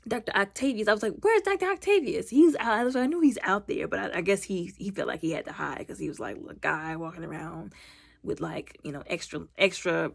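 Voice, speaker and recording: A woman giving a casual movie review, talking in a chatty, animated way full of slang and fillers. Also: fairly low pitch, brisk, vocal fry, breathy edge. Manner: animated, acts out scenes in quoted voices.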